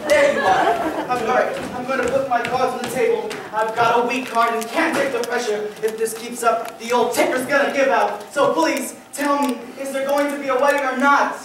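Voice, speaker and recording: A fussy, exasperated wedding host frets in a high voice, as a young woman plays the part on stage. She sounds distant in an echoing hall. The audience murmurs in the background. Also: steady tone, normal speed, close to an everyday voice. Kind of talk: stage musical acting. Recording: echoey auditorium, distant mic, crowd noise.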